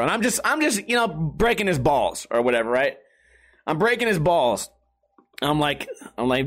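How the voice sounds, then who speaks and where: A man in his thirties casually telling a profane, animated story as a streamer. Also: sits high, moderate pace. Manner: animated, profane, laughing through stories.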